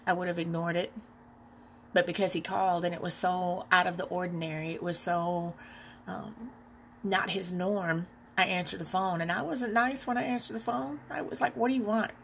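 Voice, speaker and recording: A woman podcast host telling a personal story, candid and reflective, in an unhurried way with pauses. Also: fairly low pitch, fairly even intonation, gravelly, a bit bright, slight background noise.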